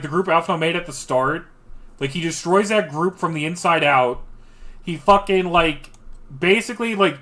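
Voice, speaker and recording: A young man chatting casually and swearing freely as he eagerly retells a game's story. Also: fairly high pitch. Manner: excitable, profane storytelling. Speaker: streamer. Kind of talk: casual gaming chat.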